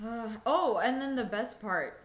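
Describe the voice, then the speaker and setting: A woman's voice: on the high side, expressive, a little slow. Blunt, chatty woman in an echoey room. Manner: chatty, blunt, thinks aloud with restarts. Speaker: podcast co-host. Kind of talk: casual chat.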